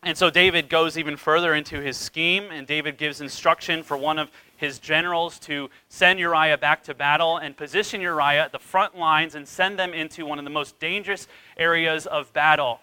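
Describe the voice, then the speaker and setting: A man's voice: fairly high pitch, steady tone, normal speed, bright, forceful tone, clean tone, no room sound, low-quality recording. A man preaching a sermon as pastor, retelling scripture dramatically with wide swings in emphasis.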